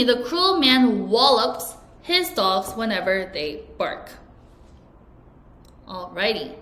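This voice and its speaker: A woman's voice: a little high, a bit bright, roomy sound. A woman teacher giving an English vocabulary lesson, who explains each word and has learners repeat sentences after her.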